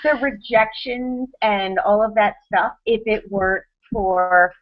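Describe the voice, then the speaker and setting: A woman in her thirties tells a story to a podcast panel, rushing through animated bursts and stumbling over restarts. Her voice sits at an ordinary middle pitch, and the recording sounds dull and lo-fi. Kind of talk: casual storytelling chat.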